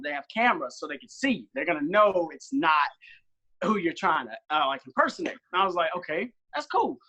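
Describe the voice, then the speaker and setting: A young man in his twenties, a podcast guest, telling animated stories and acting out his own quotes in casual chat. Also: sits high. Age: 20s.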